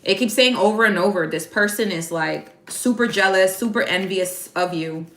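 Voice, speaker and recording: A woman's voice: mid-range voice, moderate pace, a bit bright, slight background noise. A woman giving a casual live tarot reading, chatty and slangy, speaking straight to her viewers by name. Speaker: tarot card reader. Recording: echoey room.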